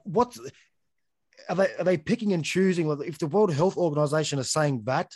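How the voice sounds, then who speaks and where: A man's voice: on the high side, brisk, darkish tone, husky, no room sound. A man hosting an interview, talking bluntly and conversationally and often saying "mate". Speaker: podcast host. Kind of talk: casual interview chat.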